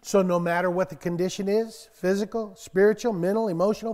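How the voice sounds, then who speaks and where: Older male pastor, slightly high voice, folksy and conversational, loud scripture bursts, long hall reverb. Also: steady tone, a little fast, hardly any pauses. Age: 60s. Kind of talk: conversational sermon.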